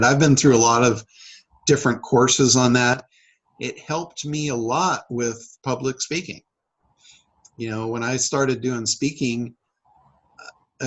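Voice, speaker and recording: A man's voice: medium pitch, breathy edge, low-quality recording. A man hosting a casual coaching call, talking in a rambling way with many fillers and restarts. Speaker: public speaker and sales trainer.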